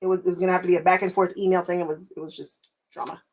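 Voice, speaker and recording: A woman hosting a casual crafting live stream, chatting with viewers while she sews, animated and often laughing, repeating phrases for emphasis. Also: fairly low pitch, racing, rough recording. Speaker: quilting live stream host. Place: home sewing room.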